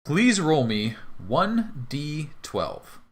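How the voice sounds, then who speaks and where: A man narrating a tabletop game as game master, relaxed and descriptive. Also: fairly high pitch, drawn-out words, slight background noise.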